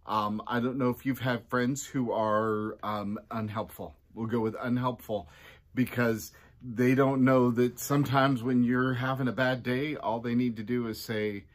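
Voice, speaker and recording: A pastor gives a casual devotional talk in a chatty style, his tone steady and his pace measured. When he acts out quotes, his voice leaps sharply in pitch.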